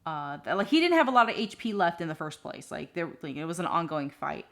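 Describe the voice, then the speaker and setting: A woman streamer tells a tabletop game story in a loose, rambling way. Her voice sits low for a woman, and her sentences wander through constant fillers. She swears now and then without any fuss. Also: big pitch swings, fast. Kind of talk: casual storytelling on a live stream.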